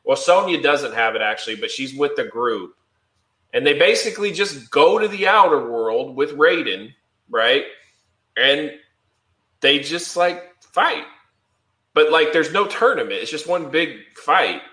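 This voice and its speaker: A man co-hosting a podcast, talking in a loose, rambling way with a steady stream of fillers. His voice is bright, and the room rings with echo. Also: on the high side, a little slow. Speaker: podcast co-host. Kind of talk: casual chat.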